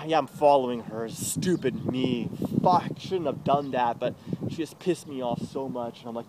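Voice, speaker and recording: A man's voice: mid-range voice, a little slow. A young man in a bitter, agitated confessional rant, swearing heavily. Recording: noisy recording.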